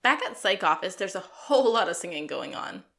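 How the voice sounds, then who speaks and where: A woman's voice: mid-range voice, very animated, fairly quick, vocal fry, a bit bright. A woman co-hosting a podcast, casually recapping a TV episode with lots of fillers. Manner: chatty, many "like" fillers, acts out quotes. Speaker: podcast co-host.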